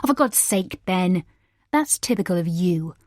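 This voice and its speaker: Sharp, sarcastic young mother, read by a woman. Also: lowish voice, lively intonation, unhurried, no echo, studio quality. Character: irritable, scheming young mother.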